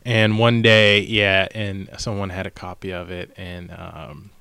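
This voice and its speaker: A middle-aged man chatting on a podcast, his low voice bright and forward in a dry, close recording. He rambles through his stories and slips into acted-out quotes. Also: little pitch movement, a little slow, gravelly, clean tone, dry recording. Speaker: podcast co-host. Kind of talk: casual chat.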